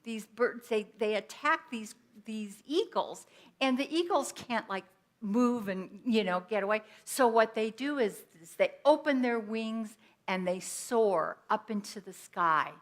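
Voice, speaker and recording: A woman's voice: a little high, animated, a little slow. A woman giving an inspirational sermon at a Sunday church service, speaking conversationally and telling personal stories. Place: church sanctuary.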